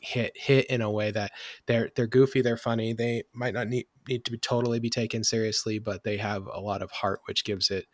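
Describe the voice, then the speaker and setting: A man hosting a casual podcast chat who talks in an animated way, laughing often and using many fillers. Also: fairly low pitch, fairly quick, no room sound, studio quality. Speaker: podcast host.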